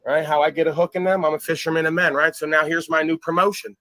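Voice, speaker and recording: A boastful man rants on his livestream in a fairly high, very bright voice, cursing freely. He swings from sudden loud outbursts down to low muttering. The sound is close and dry. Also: steady tone, quick pace, hardly any pauses, no room sound. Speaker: livestream host. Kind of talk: ranting livestream commentary.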